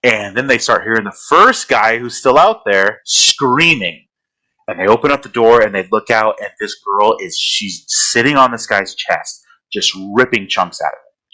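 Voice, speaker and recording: Man with a bright, forceful voice. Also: medium pitch, rough recording. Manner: rambling storytelling with fillers. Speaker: podcast co-host. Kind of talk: casual horror podcast recap.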